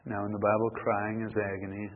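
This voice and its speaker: Preacher guy, low husky voice, emphatic sermon, tinny phone-like sound with long hall reverb. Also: completely flat delivery, fairly quick. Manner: emphatic, swings from loud to near whisper.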